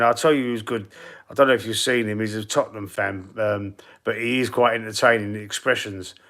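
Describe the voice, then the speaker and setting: Reading viewer comments on his live stream, this man from London talks football in a casual, rambling way with a London accent. He laughs a lot and swears occasionally, his mid-range voice fairly bright in tone.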